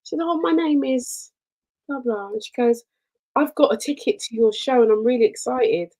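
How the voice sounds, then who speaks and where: A woman co-hosting a radio chat show, telling personal stories in an expressive way. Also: on the high side, fairly quick, low-quality recording. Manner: warm storytelling, expressive.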